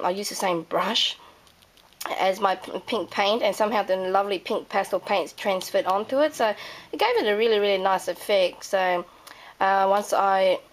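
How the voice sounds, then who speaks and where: A woman from Australia with an Australian accent and a croaky, hoarse voice from a cold, chatting casually and rambling with many fillers as she shows off her craft projects. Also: mid-range voice. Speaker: crafting vlogger. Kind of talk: casual craft show-and-tell.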